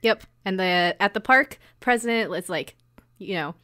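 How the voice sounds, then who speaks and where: A woman's voice: medium pitch, moderate pace, pushed and bright. A woman co-hosting a podcast, recapping an anime in bubbly, giggly casual chat. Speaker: podcast co-host.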